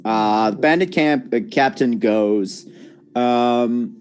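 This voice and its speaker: A man's voice: medium pitch, takes it slowly, a little mellow. A man running a tabletop game as dungeon master, casual and joking, with lots of fillers. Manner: casual, joking, rules explanations with many fillers. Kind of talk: narrating a tabletop game over voice chat.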